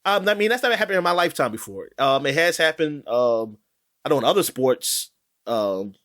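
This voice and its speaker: Male podcast co-host, animated and rambling, slightly high, very lively delivery. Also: brisk. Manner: rambling, animated, many fillers and restarts. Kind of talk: casual chat about sports.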